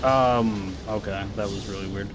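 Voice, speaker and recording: A man's voice: lowish voice, fairly even intonation, moderate pace, background noise. Rambling American man streaming a game. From United States. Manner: rambling, reacting to chat with asides. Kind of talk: casual live-stream chat while gaming.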